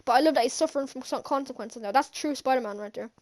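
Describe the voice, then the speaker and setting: A woman giving an excited, rambling movie recap as a vlogger, gushing, with lots of fillers and restarts. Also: sits high, fast talker.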